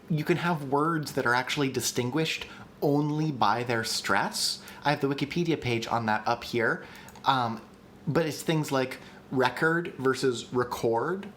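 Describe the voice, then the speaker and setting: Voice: mid-range voice, measured pace, fairly bright tone, slight background noise. A livestream host teaching language creation in a chatty, enthusiastic way, with frequent ums and restarts. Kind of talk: casual livestream lesson.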